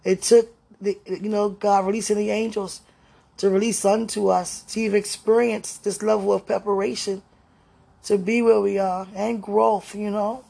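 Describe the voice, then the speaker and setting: A woman's voice: mid-range voice, level tone, normal speed, creaky, mellow, breathy edge. A woman speaking tenderly to her viewers in an emotional spiritual monologue, as if talking with God.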